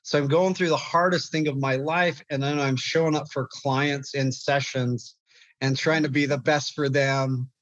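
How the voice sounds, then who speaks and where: Halting man telling a hard story. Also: mid-range voice, fairly even intonation, fairly bright tone, no echo, highs cut off. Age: young adult. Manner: halting, repeats words when upset. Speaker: guest, clinical therapist. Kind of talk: emotional personal storytelling.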